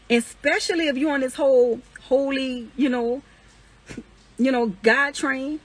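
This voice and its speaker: Young woman ranting, lots of swearing, kinda husky, higher voice, keeps repeating herself. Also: unhurried, fairly bright tone, poor audio. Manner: indignant, repetitive, swears constantly, rising to incredulous peaks. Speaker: woman airing accusations against an ex. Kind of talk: heated, profane venting to camera.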